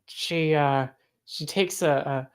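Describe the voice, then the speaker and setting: Woman game master, relaxed chatty narration, lowish voice. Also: drawn-out words, smooth. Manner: casual, lots of "like" and fillers.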